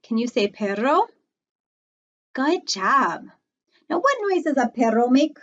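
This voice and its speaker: A woman librarian teaching small children animal words, slow and encouraging, with cheerful praise. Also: sits high, big pitch swings, a bit bright, muffled recording.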